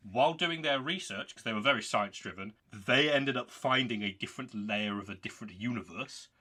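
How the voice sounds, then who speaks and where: Man, bright forceful voice, casual podcast chat, animated storyteller. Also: medium pitch, fairly quick. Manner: animated storyteller, acts out alien voices with swearing and laughter. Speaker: podcast co-host reviewing a game.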